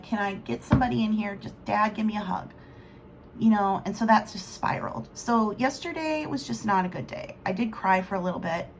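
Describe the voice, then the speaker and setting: A woman's voice: mid-range voice, a little hiss or hum. A middle-aged woman vlogging in a candid, rambling, emotional way. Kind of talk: casual rambling vlog talk.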